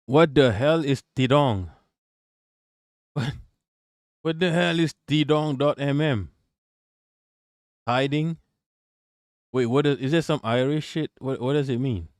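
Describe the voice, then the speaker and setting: A man hosting a casual livestream, reacting to a video and shouting out his chat in slangy, profane talk. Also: mid-range voice, takes it slowly, pauses often, no room sound, clean studio sound.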